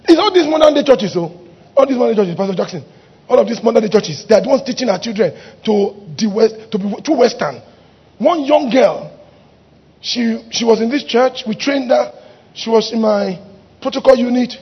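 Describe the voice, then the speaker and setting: A middle-aged man, a pastor preaching a fiery sermon with shouted exhortations. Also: very high voice, expressive, normal speed, husky, muffled recording.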